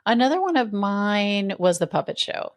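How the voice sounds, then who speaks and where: A woman's voice: mid-range voice, very animated, moderate pace, dry recording, clean studio sound. A woman co-hosting a casual chat podcast, laughing often as she animatedly retells scenes. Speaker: podcast co-host.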